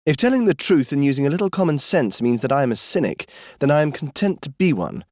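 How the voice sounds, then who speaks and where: A man's voice: a little high, big pitch swings, fast, darkish tone, no room sound, studio quality, voice pushed up. A man voicing a spirited, headstrong young woman of twenty-one in an audiobook, speaking in a raised, mocking and defiant voice. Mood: scornful. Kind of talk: audiobook character voice.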